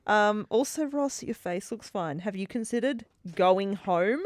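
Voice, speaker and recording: A woman's voice: medium pitch, lively intonation, measured pace, no room sound. A woman co-hosting a podcast, chatting casually about a sitcom, giggling often and swearing freely. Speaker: podcast co-host. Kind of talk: casual chat recapping a sitcom.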